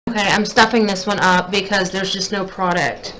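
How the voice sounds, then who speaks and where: In a casual makeup tutorial chat at home, a young beauty vlogger thinks out loud and criticizes herself as her frustration builds. Her voice is medium-pitched and a bit bright, at a moderate pace. The rough recording has a little hiss or hum.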